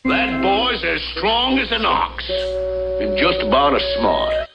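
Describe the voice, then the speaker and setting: A man's voice: high voice, very animated, slow pace, gravelly, breathy edge, no room sound, heavily acted. A man voicing a boastful grown male cartoon character with a drawling, sing-song delivery, heard as a played clip. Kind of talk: cartoon voice acting. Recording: dull lo-fi clip, far off, loud music.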